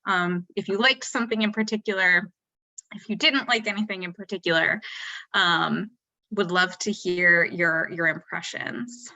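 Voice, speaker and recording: A woman admission officer giving a measured webinar talk, pausing with fillers. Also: fairly low pitch, bright, forceful tone, no echo, highs cut off. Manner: thoughtful, measured, with frequent fillers. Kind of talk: webinar presentation.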